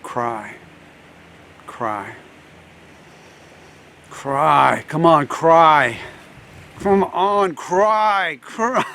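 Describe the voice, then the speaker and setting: A man speaking as a recovery coach, guiding breathing and explaining ideas in a calm, unhurried way with playful laughs. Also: medium pitch, slight background noise. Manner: slow, calm, guiding with frequent pauses; laughs easily, playful demonstrations. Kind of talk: coaching talk to camera.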